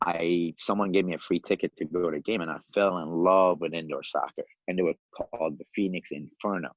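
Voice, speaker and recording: A man in his fifties from Iran, a podcast guest telling his life story in a lively, animated way, often laughing and acting out the voices of other people. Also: deep voice, fairly quick, no room sound, highs cut off. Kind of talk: casual storytelling.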